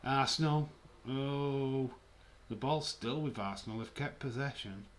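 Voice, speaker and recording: A man hosting a livestream, giving relaxed, chatty commentary and reactions while watching a match. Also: mid-range voice, moderate pace, a little hiss or hum. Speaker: livestream host. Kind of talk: casual live match commentary.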